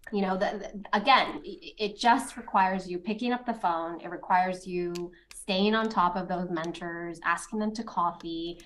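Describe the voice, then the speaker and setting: A woman's voice: fairly low pitch, normal speed, few pauses, a bit bright. A middle-aged woman lawyer answering interview questions in a chatty storytelling way, with light laughs.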